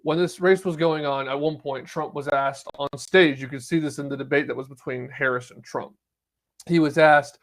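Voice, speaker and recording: A man's voice: on the high side, steady tone, normal speed, a bit bright. Sarcastic male podcast host. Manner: conversational, sarcastic asides, reads news articles aloud. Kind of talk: solo political commentary.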